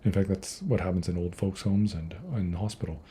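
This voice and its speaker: A man's voice: low voice, steady tone, a little fast, mellow, slight background noise. A man teaching Buddhism on a livestream Q&A, answering viewer questions in a conversational, digressive way, often restarting his sentences. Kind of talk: livestream Q&A talk.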